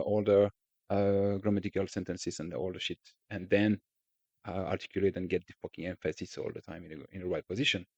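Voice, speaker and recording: A man with a French accent, a native French speaker, chats on a podcast with a low-pitched voice. He is talkative and rambles with frequent restarts and casual swearing. The sound is dry and somewhat dull, with no room echo. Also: mellow. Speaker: podcast co-host. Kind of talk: casual chat.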